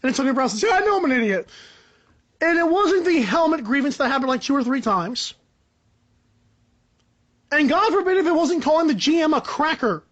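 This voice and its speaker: A young man hosting a solo sports podcast, ranting in a rambling, animated, joking way. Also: brisk, pauses often, highs cut off. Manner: animated, rambling, joking, pitch jumps up for emphasis. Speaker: podcast host.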